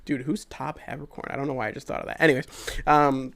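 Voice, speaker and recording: A man's voice: medium pitch, quick pace. A young man co-hosting a podcast, reviewing a movie in casual, profane chat and acting out the scenes with energy. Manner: excitable, profane, acts out scenes. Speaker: podcast co-host.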